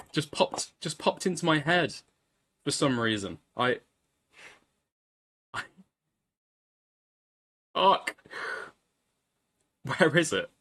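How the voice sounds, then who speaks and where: Male reaction commentator, crude and mocking, unhurried delivery, laughs a lot. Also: on the high side, fairly bright tone, slightly rough.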